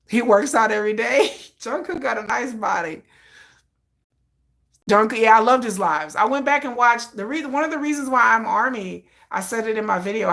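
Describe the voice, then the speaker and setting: A woman hosting a live stream, chatting casually and telling stories in an excitable way, often breaking into laughter. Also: medium pitch, vocal fry. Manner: animated, excitable storytelling with frequent laughter.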